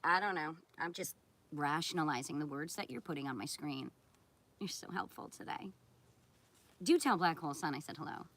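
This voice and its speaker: Woman streamer, low-pitched and animated, scolding chat with sarcasm. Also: fast talker. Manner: sarcastic and confrontational; blunt, scolding. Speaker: content creator on a live stream. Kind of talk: live stream, answering viewer chat.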